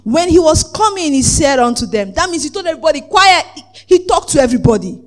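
High-voiced lively preacher. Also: fast talker. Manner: lively, acts out quoted voices, laughs often; asks the congregation "Are we together?". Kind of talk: sermon.

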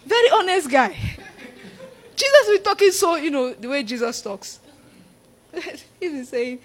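A woman preaching a sermon, animated and laughing often as she acts out the disciples. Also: high voice, moderate pace.

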